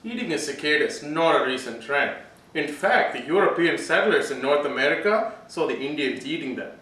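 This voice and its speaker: A man plays a cheerful cicada chef with a chirpy, cooking-show delivery and a lively, somewhat high voice. He is recorded from a distance in an echoey room. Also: brisk. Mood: explaining. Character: cheerful middle-aged male cicada chef. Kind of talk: amateur mockumentary acting.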